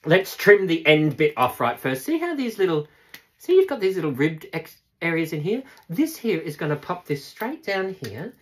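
Woman, casual cooking host, lower voice with lively melody, playful sing-song asides. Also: moderate pace. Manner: chatty, laughs often, talks to viewers. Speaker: cooking demonstrator.

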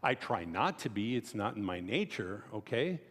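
A man's voice: sing-song, moderate pace, breathy edge. A man giving a conversational sermon, telling stories with asides to the congregation and acting out quoted voices. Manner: storytelling, chatty asides to the congregation; acts out quoted voices with sharp pitch jumps. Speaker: preacher. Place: church sanctuary. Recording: long reverb of a church hall.

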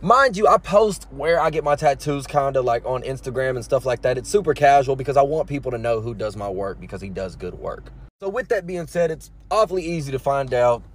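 A young man telling a story to camera in a casual, animated way, full of slang and nervous laughter. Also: medium pitch, brisk. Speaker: TikTok storyteller.

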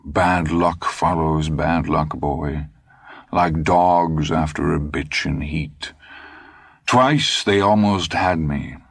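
A man's voice: very deep voice, fairly even intonation, creaky, husky, dry recording, heavily acted. A man reading the part of a bitter, cynical old fugitive in an audiobook, speaking with dry sarcasm. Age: older. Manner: dry, sardonic, measured.

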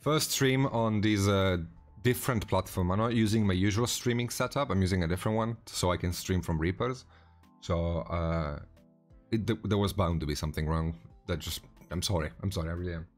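A man hosting a casual live stream while painting miniatures, greeting viewers by name in a relaxed way with frequent restarts. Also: low-pitched, fairly quick, faint music behind.

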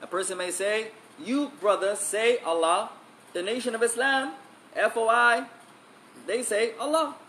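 A man's voice: sits high, measured pace, pushed and bright. Male religious teacher, emphatic and repetitive, faint background noise. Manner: emphatic, repeats key phrases; switches between English and Arabic recitation. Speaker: Islamic teacher. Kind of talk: religious lesson.

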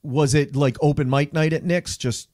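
A man's voice: a little high, fairly even intonation, moderate pace, a little mellow, no echo. Dry-sounding man chatting on a podcast. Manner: laughs often, chatty and joking. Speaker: podcast host. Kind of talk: casual chat. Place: podcast studio.

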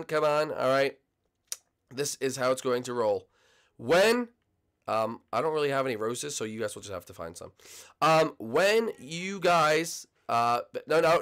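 A man's voice: fairly high pitch, fairly bright tone, clear, resonant tone. A man voicing a flustered young bachelor who interviews dating contestants, stammering and bossy. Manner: hesitant, stammering, bossy with his guests.

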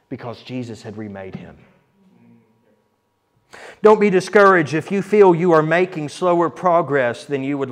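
Reading scripture aloud with drama, an earnest male preacher moves between booming emphasis and hushed, low moments.

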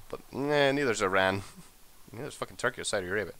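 A man talking through a strategy game in a relaxed let's play, swearing freely and reacting to everything on screen. His voice sits fairly low but swings all over the place, and it has a bright, forceful edge. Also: fast talker. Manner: sweary, excitable, mutters to himself. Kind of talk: casual gameplay commentary.

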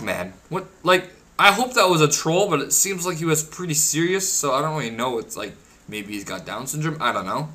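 A young man narrating his gameplay with a bright, sharp tone. He is excitable and crude, swearing freely and laughing or whooping when things go his way. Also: on the high side, brisk. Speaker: gaming video creator. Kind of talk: casual gameplay commentary.

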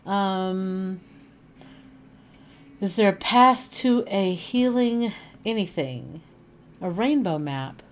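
A woman's voice: mid-range voice, very slow, pauses often. A woman livestreaming a video game from home, chatting casually and thinking aloud as she plays. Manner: chatty, animated, thinking aloud while playing. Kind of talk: casual gaming livestream chat. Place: home living room.

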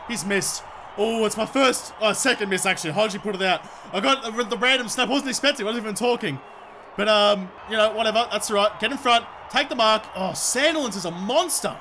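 A young Australian man commentating his own football video game, shouting and cheering at the plays and joking along. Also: extremely high pitch, a little fast, a little hiss or hum. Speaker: gaming video creator. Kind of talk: excited gameplay commentary.

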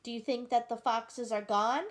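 A woman reading a picture book aloud, gently pausing to ask the listener questions about the story. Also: on the high side, steady tone. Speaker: storybook reader.

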